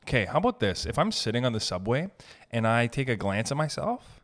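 A young man talking alone into the mic for his comedy podcast, voice sitting at an ordinary middle pitch. He rambles from one thought to the next, swearing freely and arguing his points. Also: sing-song, a little fast, a bit bright. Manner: rambling, profane, argumentative. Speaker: podcast host. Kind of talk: solo comedic podcast monologue.

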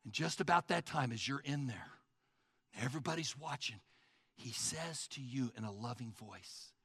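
A man preaching a sermon, telling a story in a folksy, animated way and calling his listeners folks. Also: medium pitch, normal speed, dry recording, studio quality.

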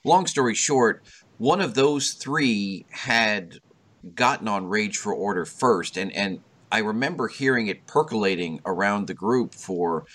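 A man's voice: fairly low pitch, lively intonation, a little slow, fairly bright tone. A man hosting a podcast, telling rambling stories with laughs in casual chat. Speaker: podcast host.

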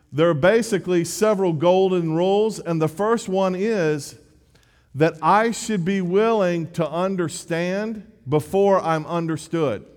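A preacher gives a sermon in a conversational, self-deprecating manner, often starting his sentences over. His voice sits high and is a little mellow, and the recording carries a long hall reverb.

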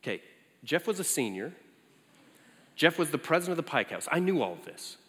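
A man preaching as a campus minister, telling a story in an animated way and leaping high in pitch for quoted lines. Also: brisk. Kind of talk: storytelling sermon. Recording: echoey hall.

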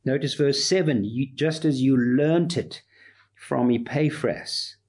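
A man's voice: medium pitch, slow, a little mellow, husky. A man preaching a sermon, emphatic, building his points through repeated lists.

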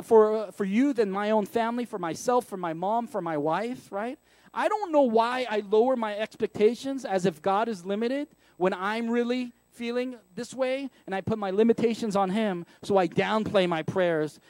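A man's voice: sits high, darkish tone, no echo. A man preaching a sermon as a pastor, in a candid, conversational way full of rhetorical questions. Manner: candid and self-deprecating.

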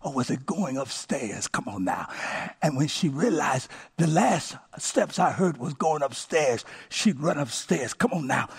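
Husky-voiced preaching man. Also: a little high, animated, moderate pace. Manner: call-and-response preaching, swings from hushed to shouting. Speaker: pastor. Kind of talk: sermon.

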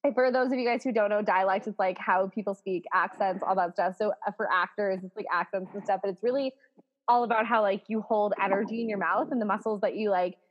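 A woman's voice: medium pitch, steady tone, quick pace, muffled recording. A woman hosting a podcast in a casual chat, bubbly and laughing often, swearing freely and saying "like" a lot. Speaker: podcast host.

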